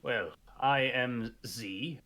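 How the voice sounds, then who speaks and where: A man's voice: medium pitch, drawn-out words, bright, forceful tone, full character voice. A man voicing a fussy, pompous dragonborn noble who talks with mock-genteel politeness. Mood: polite.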